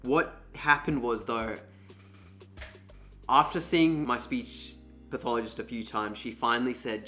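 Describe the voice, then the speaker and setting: A young man speaks candidly and casually, filling his story with little ums and likes. His voice is smooth and low at an average pitch. Faint music plays quietly behind him. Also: fairly even intonation, unhurried, long pauses. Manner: chatty, candid, many fillers. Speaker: vlogger sharing his own voice story.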